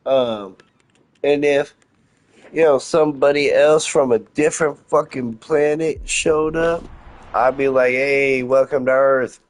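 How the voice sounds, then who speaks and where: A man's voice: a little high, steady tone, a little slow. A man streaming a game, rambling casually with heavy profanity and meandering, laid-back musings.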